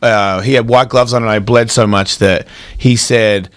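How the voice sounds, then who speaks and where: A man telling fight stories on a podcast as a guest, swearing freely and acting out the people he quotes. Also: normal speed. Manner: profane, animated, acts out quoted people in loud high voices. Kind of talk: casual podcast storytelling.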